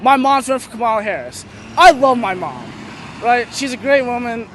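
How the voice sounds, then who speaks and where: Young male passerby, very high-pitched, rambling and earnest, faint street noise. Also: expressive, normal speed, a bit bright. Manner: rambling, filler-heavy, many likes, earnest. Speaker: passerby being interviewed. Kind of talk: casual opinion chat. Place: outdoors on a city street.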